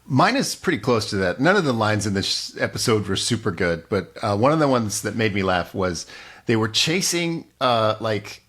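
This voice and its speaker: Male podcast co-host, dry laid-back quips, lively sing-song intonation. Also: lowish voice, normal speed. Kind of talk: casual comedic chat.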